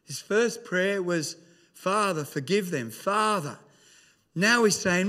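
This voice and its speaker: A man preaching a sermon, dropping to hushed tones and rising to shouts. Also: high-pitched, animated, slow pace. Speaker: pastor.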